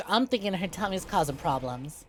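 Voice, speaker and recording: A woman's voice: on the low side, lively intonation, normal speed, faint music behind. A woman streaming a co-op game, telling rambling, profane stories to her chat in casual talk. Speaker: VTuber streamer.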